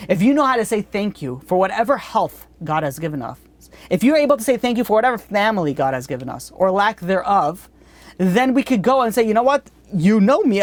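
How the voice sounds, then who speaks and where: A man teaching a Torah class as a rabbi, blunt and earnest, often restarting his sentences. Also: high-pitched.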